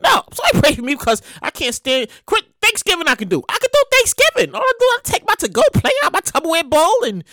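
A woman hosting her show and telling a comic story, animated and profane, repeating herself for effect. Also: very high-pitched, fast talker, hardly any pauses, no echo, studio quality. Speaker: show host.

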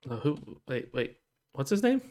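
A man co-hosting a casual podcast with a voice of ordinary pitch. He talks hesitantly and fills his sentences with pauses. He keeps stepping in to set the facts straight. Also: sing-song, a little mellow. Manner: correcting, hesitant, filler-heavy. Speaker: podcast co-host.

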